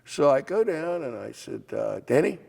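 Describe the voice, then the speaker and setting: An older man, a former legislator and state official, telling anecdotes in an oral history interview with a gravelly voice. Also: on the high side, moderate pace. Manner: animated anecdotes with acted quotes and laughs. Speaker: former legislator and assistant insurance commissioner. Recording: hall reverb.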